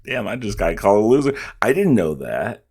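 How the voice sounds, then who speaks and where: A man's voice: fairly low pitch, very animated, fairly quick, heavy background noise. A man reacting to comedy clips, amused and thinking aloud in casual commentary. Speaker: reaction video host.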